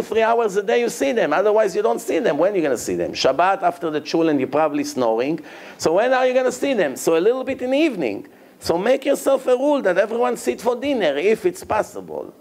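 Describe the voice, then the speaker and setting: Man, rabbi, Torah lecture, lively delivery, fairly high voice. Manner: animated, acts out quoted dialogue in a raised voice; non-native English with grammar slips.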